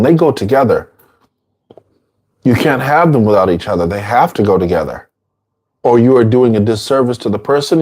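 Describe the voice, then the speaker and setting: A man giving an informal dharma talk, casual and repetitive, sometimes acting out quoted people in a higher voice. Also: a little mellow. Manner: casual, repeats phrases, acts out quotes in a high voice. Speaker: dharma teacher.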